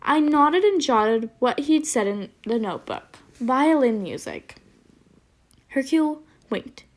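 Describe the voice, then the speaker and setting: A woman reading a children's storybook aloud in an expressive, lively way. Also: high-pitched, slow.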